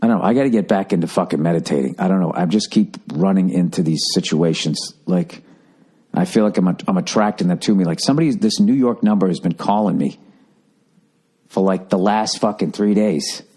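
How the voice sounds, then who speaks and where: A comedian hosting a podcast rants in stand-up style through profane, rambling, animated comic stories. His voice is low and husky, and he talks a little fast.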